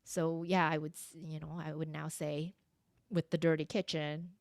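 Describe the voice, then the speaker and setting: A middle-aged woman chatting on a podcast, telling personal stories in a lively way and acting out what people said. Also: sits low, normal speed, no room sound, studio quality. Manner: animated storyteller who acts out quoted speech. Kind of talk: casual podcast conversation.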